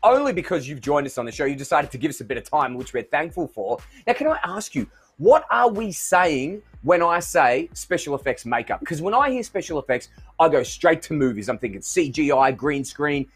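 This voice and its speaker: A man's voice: fairly high pitch, sing-song, fairly quick, husky, faint music behind. A man hosting an online show in a playful, theatrical, jokey way. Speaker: host.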